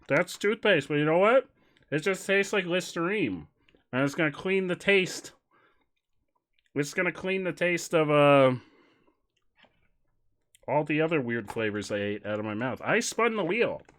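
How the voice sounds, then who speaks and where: A man streaming casually, joking and rambling through an improvised silly story, swinging from mumbles to loud bursts. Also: on the high side, lively intonation, takes it slowly, pauses often.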